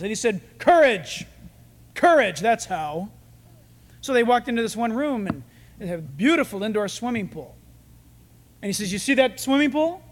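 Man, high voice, pastor, conversational sermon, joking anecdotes. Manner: conversational storytelling with jokes.

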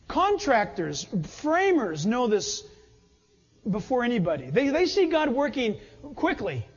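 A man preaching with a very high voice and a slow, deliberate pace. He delivers the sermon emphatically and acts out short scenes as he goes. The sound is a bit dull and rings with a long hall reverb. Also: wildly swooping pitch, slightly rough. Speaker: pastor.

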